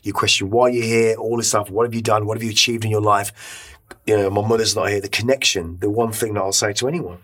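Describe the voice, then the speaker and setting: Middle-aged man, husky voice, rambling emotional storyteller, podcast guest. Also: on the low side, steady tone, fast, fairly bright tone. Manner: swears casually. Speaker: interview guest. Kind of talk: casual interview storytelling.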